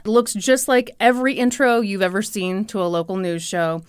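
A woman's voice: medium pitch, steady tone, fairly quick, clean tone, no room sound, studio quality. A woman co-hosting a comedy chat show, telling a story in a playful, teasing way. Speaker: podcast co-host.

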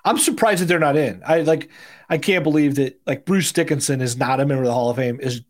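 A man co-hosting a podcast in casual chat, easygoing and quick to react. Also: a little high. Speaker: podcast co-host.

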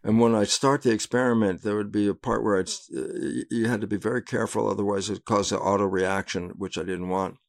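An older man, a guest in an interview, telling lively anecdotes and acting out the voices in them. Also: fairly low pitch, fast talker, hardly any pauses. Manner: animated storyteller who acts out voices and laughs at his own anecdotes. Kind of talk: casual interview storytelling.

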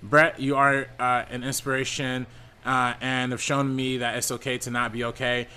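A man with a bright, forceful voice reads viewer donations on a casual live-stream panel show. He keeps an average pitch, scatters ums through his reading, and laughs easily. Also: level tone, moderate pace, smooth.

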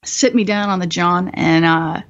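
A young woman guest in her twenties, telling dark stories bluntly and profanely, often laughing, in a slightly muffled recording. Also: lowish voice, normal speed. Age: 20s. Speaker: guest, former bomb disposal technician. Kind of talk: candid storytelling interview.

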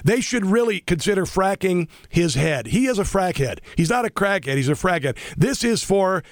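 Male talk radio host, sarcastic and combative, a bit high-pitched, very dry studio sound. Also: big pitch swings, no echo. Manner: combative, sarcastic, rapid with repeated restarts. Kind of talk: political talk radio monologue.

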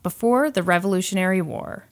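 A woman's voice: fairly low pitch, fairly quick. A woman co-hosting a casual true-crime podcast, chatty and self-deprecating, often breaking into laughs. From Midwest of the United States. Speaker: podcast co-host.

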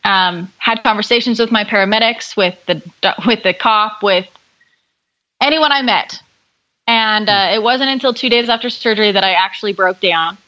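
A woman's voice: medium pitch, moderate pace, pushed and bright, lo-fi sound. A young woman guest speaking candidly and upbeat in a casual podcast conversation, telling her own story.

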